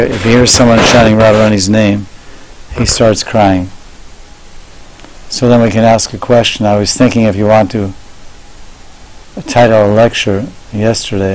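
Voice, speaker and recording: A monk giving a devotional sermon, telling stories in a measured way and slowing down to stress key words. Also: male voice, mid-range voice, noisy background. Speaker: monk lecturer.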